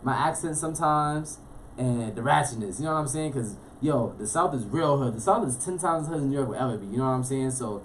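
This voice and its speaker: A young man from Florida, a guest telling his life story in a casual, animated way, full of street slang. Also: mid-range voice, a little hiss or hum. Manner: fast, animated, streetwise slang, frequent "you know what I'm saying". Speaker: interview guest.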